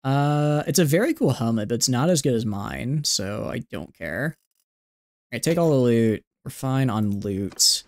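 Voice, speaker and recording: A man's voice: mid-range voice, lively intonation, unhurried. A man streaming a game live, giving playful, rambling commentary full of "like" fillers. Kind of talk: casual live gameplay commentary.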